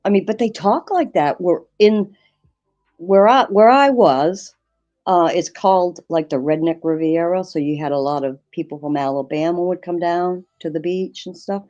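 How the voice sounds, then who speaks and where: A woman's voice: fairly low pitch, moderate pace, dark tone, highs cut off. A woman with a Maine accent chatting casually as a guest on a livestream panel, telling rambling stories with chuckling asides.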